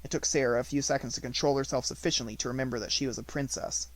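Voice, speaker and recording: A man reading a classic novel aloud as an audiobook narrator, in a steady, even storytelling voice. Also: medium pitch, very fast, poor audio.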